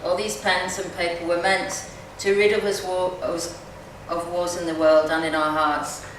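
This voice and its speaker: Brief: woman poet reciting her own verse, slightly low voice, distant mic in a very echoey hall. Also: a little hiss or hum. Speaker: poet reading at a community event. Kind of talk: poetry reading. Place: community event venue.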